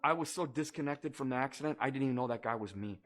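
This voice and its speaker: A man giving an earnest personal testimony, speaking in a measured way and pausing to search for words. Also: mid-range voice, a bit bright, faint music behind. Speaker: storyteller recounting a personal near-death experience.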